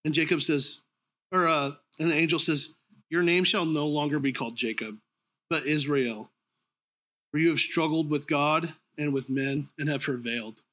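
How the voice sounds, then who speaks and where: A man giving a sermon in an informal, conversational way, with frequent ums, restarts and the odd throat-clearing. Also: fairly high pitch, fairly even intonation, moderate pace, a bit bright. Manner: clears his throat now and then. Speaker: preacher.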